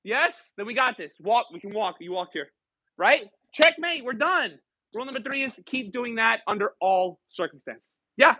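A man's voice: very high-pitched, lively intonation, normal speed, sharp tone, breathy edge, no echo, highs cut off. A man teaching a live dance class, counting steps aloud and switching between English and Spanish while joking with students. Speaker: dance instructor. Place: dance studio.

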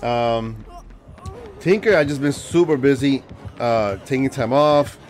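A man's voice: medium pitch, measured pace, a little mellow. A man with a stuffy nose from a cold, joking and chatting with viewers while he streams a game. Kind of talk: casual live-stream gaming commentary.

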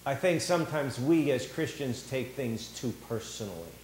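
A man preaching a sermon in a church, animated and theatrical, acting out the voices of the people he talks about. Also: mid-range voice, normal speed, reverberant, slight background noise, poor audio. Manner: animated, acts out quoted voices. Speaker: pastor. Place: church sanctuary.

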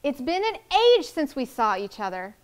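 A woman's voice: sits high, big pitch swings, moderate pace. A woman voicing a glamorous, theatrical soap-opera star who talks grandly in a fake English accent. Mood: gushing.

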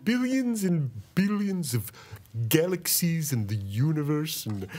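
A man doing a comic impression of an older male science narrator, singing a theme in a slow, marveling voice. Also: a little high, sing-song, darkish tone, faint music behind, pitched above the performer's own voice. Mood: awed. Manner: slow, marveling, sing-song delivery.

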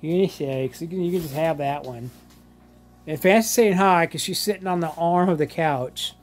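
A man's voice: a little high, moderate pace. A man filming his dogs at home, talking to them in a doting, drawling way and laughing often. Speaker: vlogger showing his dogs. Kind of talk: casual home vlog, talking to pets. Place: home living room.

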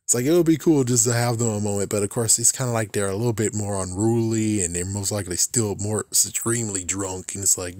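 A man rambling through a casual book review, slangy and quick to laugh, with exaggerated asides. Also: on the low side, a little mellow, no echo.

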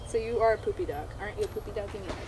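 In a casual outdoor vlog, a woman talks to her horse and her viewers, playful and giggling between lines. She has a medium-pitched, racing voice, and a camera mic a few steps away records her against background noise.

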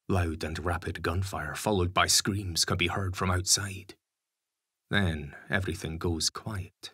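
Deep husky male audiobook narrator. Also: steady tone, a little slow, sharp tone, no echo, studio quality. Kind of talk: scripted narration.

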